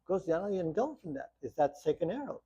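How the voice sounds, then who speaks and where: Gravelly man teaching meditation. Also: a little high, very animated, quick pace, warm tone. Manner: plain storytelling with rhetorical questions. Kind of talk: guiding a meditation talk. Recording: muffled lo-fi sound.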